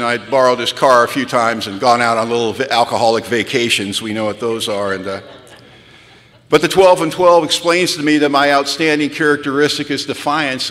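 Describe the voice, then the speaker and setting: A man from California telling his recovery story at a retreat, candid and wry, sinking low and quiet, then rising to pleading intensity. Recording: long hall reverb.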